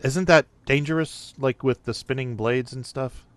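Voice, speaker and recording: A man's voice: medium pitch, moderate pace. A man hosting a podcast in casual chat, laughing often and acting out bits of dialogue. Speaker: podcast host.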